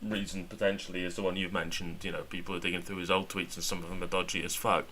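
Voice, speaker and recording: Guy on a politics podcast, dry sarcastic delivery, lowish voice with a sharp bright edge. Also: quick pace. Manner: sardonic, wry deadpan mockery. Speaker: podcast co-host. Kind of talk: casual political podcast chat.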